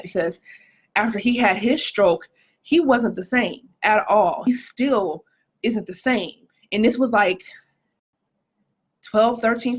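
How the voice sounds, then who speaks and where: A woman's voice: medium pitch, husky, dull audio. A woman speaking casually on a livestream, sharing a personal testimony and greeting viewers by name, with frequent "like" and "um". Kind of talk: casual live-stream testimony.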